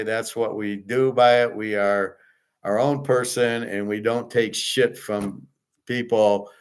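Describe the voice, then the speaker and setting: A man's voice: mid-range voice, clear, resonant tone. A man hosting his show, telling a rambling story in a blunt, profane, casual way, with frequent restarts. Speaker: show host.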